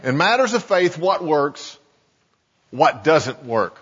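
A man's voice: on the high side, sing-song, fairly bright tone, breathy edge. Man preaching in a reverberant hall. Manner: earnest preaching with many restarts and slow emphasis. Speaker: pastor. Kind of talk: sermon. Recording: muffled sound with long hall reverb.

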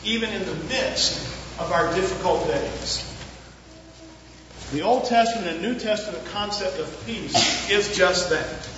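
A man preaching a sermon as pastor, earnest and unhurried with long pauses, in a church. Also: high voice, background noise. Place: church sanctuary. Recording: echoey, muffled church recording from far off.

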